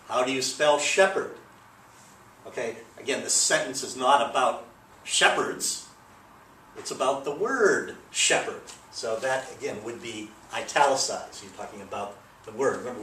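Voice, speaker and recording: A man's voice: on the low side, fairly bright tone, slight background noise. A man giving a recorded grammar lesson, explaining in a loose, rambling way with many fillers. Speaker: teacher. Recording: echoey room, mic at a distance.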